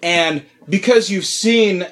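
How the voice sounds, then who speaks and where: A man talking casually about a movie, animated, swearing freely and laughing often. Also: high voice, slow pace, slight background noise. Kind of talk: casual film discussion.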